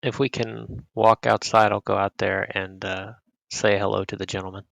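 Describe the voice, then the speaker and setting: A man's voice: on the low side, flat delivery, moderate pace, creaky, a bit bright, no room sound, poor audio. A man playing a tabletop game, speaking in character politely and hesitantly with many fillers. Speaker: player.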